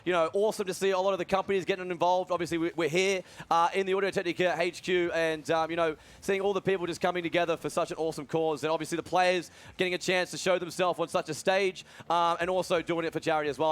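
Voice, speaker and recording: A young man doing live esports commentary, energetic and full of fillers. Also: high voice. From Australia. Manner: fast, energetic, many fillers. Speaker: esports commentator and event organizer.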